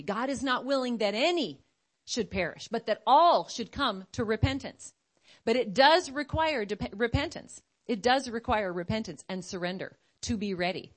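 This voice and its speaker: A woman preaching a sermon in an animated way, acting out other voices as she speaks. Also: mid-range voice.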